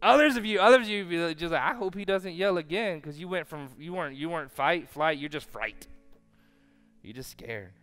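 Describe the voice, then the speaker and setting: High-voiced guy preaching, loud then quiet, acts out how people react, soft music behind. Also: lively intonation, a little fast. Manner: dramatic swings from loud to hushed. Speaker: pastor. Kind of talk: sermon.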